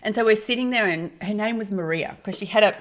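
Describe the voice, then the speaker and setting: A woman in her fifties co-hosting a chat show, telling stories from her youth in a casual, animated way with frequent laughs. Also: medium pitch, fast. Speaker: podcast co-host.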